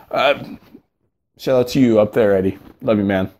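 A young man giving casual, excitable commentary over a mobile card game, chatty and giggly, with sudden yelps. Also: fairly low pitch, moderate pace.

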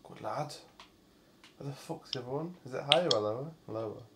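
A man's voice: mid-range voice, a little fast, creaky, heavy background noise. A man hosting a gameplay video, chatting casually and swearing in exasperated banter with a friend while playing. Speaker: gaming channel host.

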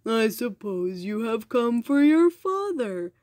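A woman voicing a boastful male giant in a storybook reading, speaking slowly and mockingly. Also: big pitch swings, darkish tone, no room sound, clean studio sound. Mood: gloating. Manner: slow, booming, mocking.

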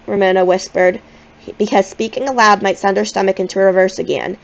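A woman reading a children's novel aloud in a gentle, expressive storytelling manner. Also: medium pitch, a little fast, gravelly, dull audio. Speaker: audiobook reader.

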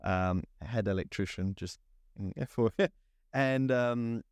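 A young man from France, telling a lively story as a podcast guest, with many fillers and restarts. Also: lowish voice, slow, clear, resonant tone, no room sound, clean studio sound. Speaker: guest, cinematographer. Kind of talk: casual storytelling interview.

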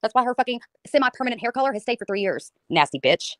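A woman ranting on a livestream, swearing and mocking someone, slipping into high sing-song impressions. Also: animated, a bit bright, dry recording. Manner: profane, mocking, fast ranting. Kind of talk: heated livestream rant.

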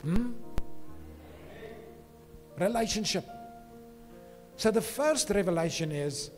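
A man preaching a sermon in a high, bright-pitched voice. He speaks with emphatic conviction and keeps checking in with his listeners. The sound carries a long hall reverb, with faint music underneath. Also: lively intonation, slow. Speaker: pastor. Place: church.

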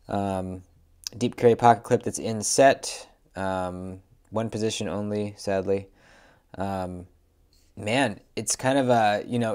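A young man casually reviewing pocket knives, relaxed and chatty, with lots of fillers. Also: lowish voice. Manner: laid-back, lots of "um" and "man". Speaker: knife reviewer.

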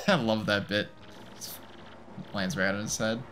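A man's voice: on the low side, wildly swooping pitch, slow pace, background noise. A man giving casual, offhand commentary while playing a video game. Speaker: let's play host.

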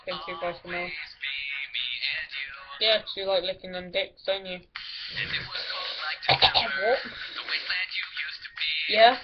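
Giggly woman, slow and lo-fi. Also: on the low side, fairly even intonation. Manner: giggly, rambling and crude-joking. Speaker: gameplay commentator. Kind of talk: casual gaming commentary with friends. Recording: lo-fi recording with clear background music.

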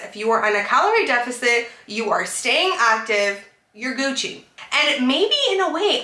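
A young woman vlogs in a candid, heartfelt way, her voice bright and a touch high. She rambles openly with many fillers, and the sound is echoey and roomy. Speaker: vlogger. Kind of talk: candid confessional vlog chat. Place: car.

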